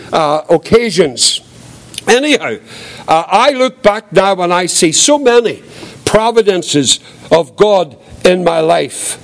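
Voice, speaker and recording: An older man giving his testimony as a preacher, earnest and reflective, with a quiet voice. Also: high-pitched. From Northern Ireland. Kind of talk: testimony sermon.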